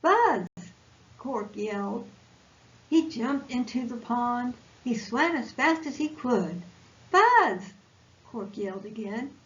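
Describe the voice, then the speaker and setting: A woman volunteer reading a picture book aloud to preschoolers in a slow, expressive read-aloud voice. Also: a little high. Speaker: volunteer storyteller. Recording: lo-fi recording with faint hiss.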